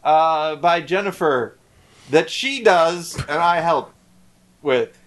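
Middle aged podcast guy, kinda high voice, rambles, lots of uh's. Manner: rambling, halting with many fillers. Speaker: podcast co-host. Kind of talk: casual podcast chat.

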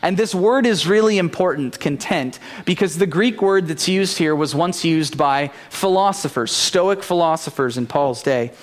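A man's voice: a little high, moderate pace, few pauses. A man preaching a sermon as pastor, earnest, asking rhetorical questions of the congregation.

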